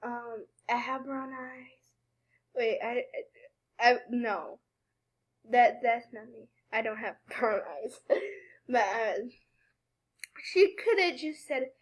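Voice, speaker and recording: A woman's voice: a little high, slow pace, sharp tone. A young woman hosting a reaction video, commenting in a casual, incredulous, laughing way.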